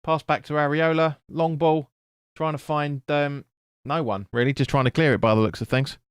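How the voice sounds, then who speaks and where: A man's voice: fairly high pitch, steady tone, moderate pace, clear, resonant tone, dry recording, clean studio sound. A man streaming a football watch-along, calling the play and answering chat bluntly with swearing. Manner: blunt, sweary, chatty with viewers. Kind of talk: live match commentary and chat reading.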